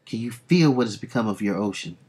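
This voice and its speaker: A man's voice: lowish voice, animated, brisk, a little mellow, breathy edge. A man voicing a proud, indignant warrior heroine, reading her formal lines in his own voice.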